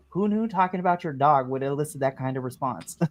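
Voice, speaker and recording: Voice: mid-range voice, lively intonation, fairly quick, voice pushed down, natural voice. A jittery teenage boy who keeps hedging and trailing off mid-thought, as a game master puts him on. He rambles in loose, unsure bursts of casual tabletop role-play talk. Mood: flustered. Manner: hesitant, trailing off with "I guess".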